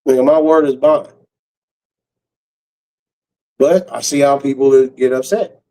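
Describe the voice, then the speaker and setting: A man's voice: medium pitch, moderate pace, warm tone, low-quality recording. A man ranting on his stream in a blunt, harsh way, cursing freely. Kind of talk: profane casual rant.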